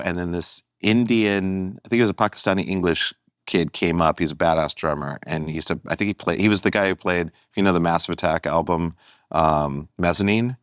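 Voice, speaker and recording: A man's voice: sits low, a bit bright, no echo, clean studio sound. A man, a comedian guest on a podcast, talking casually and earnestly, often restarting and trailing off mid-phrase.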